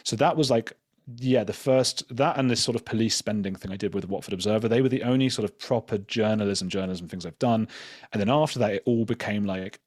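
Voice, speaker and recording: A man sits for a podcast interview and recounts stories in a loose, self-deprecating ramble, leaning on "like" as he goes. His voice sits fairly low. The sound is close and dry, with no room echo. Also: fast talker, a little mellow. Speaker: journalist and podcast guest. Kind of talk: casual storytelling in an interview.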